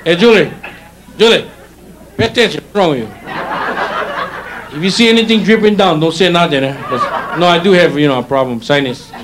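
A man's voice: on the high side, fairly quick. A middle-aged man with a Hawaiian Pidgin accent, doing teasing stand-up comedy and chatting directly with audience members. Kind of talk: stand-up comedy with crowd work. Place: hotel showroom stage before a live audience. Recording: live show with crowd laughter and noise.

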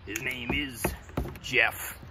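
A young man playing an eccentric, erratic scat-singing teacher in an improvised mockumentary, lurching between shouting and muttering. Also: medium pitch, very slow. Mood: manic. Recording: distant mic with background noise.

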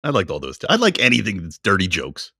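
Lively, bright-voiced male podcast host. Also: deep voice, fast, gravelly, breathy edge, dry recording, clean studio sound. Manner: animated, laughs easily, reads aloud from notes. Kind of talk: casual chat.

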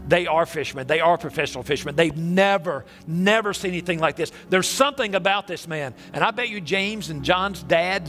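Animated, high-voiced male pastor preaching. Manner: animated storytelling with many repeats and restarts. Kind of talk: sermon. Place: church sanctuary.

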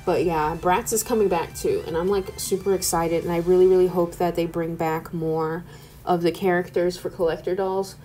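With faint background music playing, a twenty-something art YouTuber chats loosely in a home voice-over, dropping "like" into nearly every sentence. Her voice is lowish and mellow, with fairly even intonation and a moderate pace.

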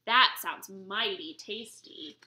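A woman's voice: high voice, huge pitch swings, slow, background noise, exaggerated voice. A woman voicing a friendly woman police officer in a storybook read-aloud, hearty and appreciative.

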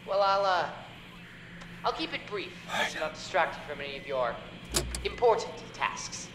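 Woman playing a halting boss, echoey. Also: on the low side, lively intonation, noisy background, lightly acted. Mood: matter-of-fact. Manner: halting, with many pauses and fillers. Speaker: game character briefing the night guard.

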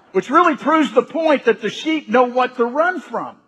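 A man with a high, husky voice delivers an emphatic Sunday sermon, repeating words to build each point. His voice echoes with a long reverb through a church sanctuary. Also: expressive, normal speed, few pauses, fairly bright tone. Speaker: senior pastor.

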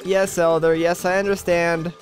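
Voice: mid-range voice, level tone, normal speed, soft background music, close to an everyday voice. An earnest young male tree-creature speaks up eagerly, as a man reads his video game lines. He sounds keen to prove himself. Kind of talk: Let's Play dialogue reading.

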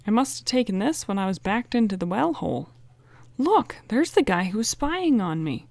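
A woman reading aloud, voicing a plump, sleepy, excitable teenage boy who is eager and quick to complain. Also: mid-range voice, vocal fry, no room sound, voice pushed up.

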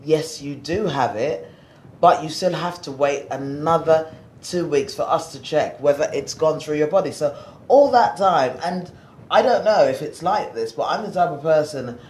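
A man's voice: fairly high pitch, lively intonation, moderate pace, darkish tone. A man interviewing a guest, talking conversationally and often ending on tag questions. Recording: roomy echo with faint noise.

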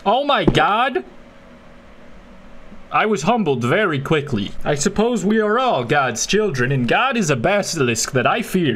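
A man's voice: high voice, big pitch swings, normal speed. A man giving crude, jokey gameplay commentary, often switching into silly voices. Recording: loud game noise behind the voice.

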